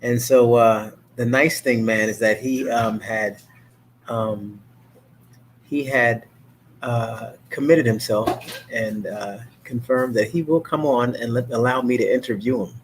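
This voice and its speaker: A man's voice: medium pitch, takes it slowly, slight background noise. A man hosting his own talk show, chatting in a casual, rambling monologue full of fillers and restarts. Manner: mimics others' voices in animated quotes.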